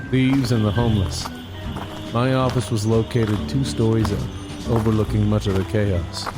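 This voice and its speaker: A man narrating as an old-fashioned private eye in a scripted noir-style piece, deadpan and measured. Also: medium pitch, voice pushed down, close to an everyday voice.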